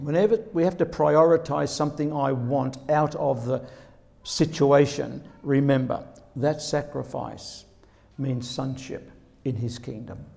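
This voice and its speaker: A man preaching a sermon with a gravelly, dark voice. He talks earnestly and often voices quoted scripture figures, climbing higher and louder as he does. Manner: earnest, rises sharply when quoting.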